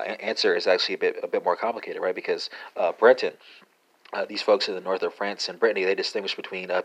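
A man hosting a language lesson podcast, talking through verb forms with lots of "uh" pauses and a habitual "right?", spelling words out letter by letter. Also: deep voice. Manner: halting, many "uh" fillers and tag "right?". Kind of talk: casual spoken language lesson.

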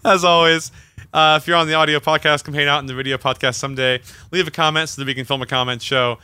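A man's voice: fairly high pitch, steady tone, fast talker, pushed and bright, clear, resonant tone, dry recording. A man hosting a podcast, wrapping up the show with an upbeat plug. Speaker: podcast host. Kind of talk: casual chat and show outro.

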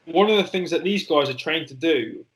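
A man in his forties telling a personal story in an interview, candid and halting, with frequent fillers and swearing. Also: fairly high pitch, animated, low-quality recording. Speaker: interview guest, former soldier.

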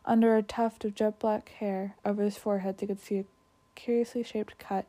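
Woman reading a storybook aloud; mellow, self-correcting. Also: mid-range voice, little pitch movement, brisk. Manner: trips on words and corrects herself.

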